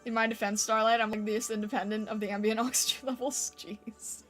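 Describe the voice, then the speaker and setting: A woman's voice: a little high, level tone, fairly quick. A woman streamer chatting casually with her viewers, playful and giggly as she reacts to their messages. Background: faint background music.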